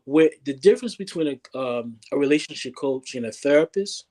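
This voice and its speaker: A man's voice: fairly high pitch, lively intonation, brisk, a little mellow. A man who works as a relationship coach, speaking earnestly as an interview guest and often repeating words while he thinks. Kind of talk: interview guest, casual talk.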